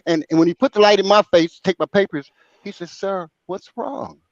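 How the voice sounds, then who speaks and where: A man's voice: high voice, fast, no room sound. An older man hosting a talk show, telling a funny story with lots of laughter and acted-out voices. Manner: animated, bursts into laughter, acts out voices. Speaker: show host. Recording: dry, dull lo-fi sound.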